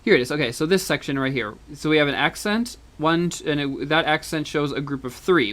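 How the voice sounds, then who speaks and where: A man's voice: a little high, brisk, few pauses, fairly bright tone. A man giving a university music lecture, explaining step by step, counting beats and humming rhythms, with frequent fillers and restarts.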